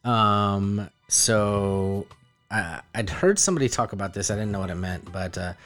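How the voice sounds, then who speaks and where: A man co-hosting a podcast, sharing movie trivia in a halting way with many fillers. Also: lowish voice, fairly bright tone, soft background music. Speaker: podcast co-host. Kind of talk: casual movie chat.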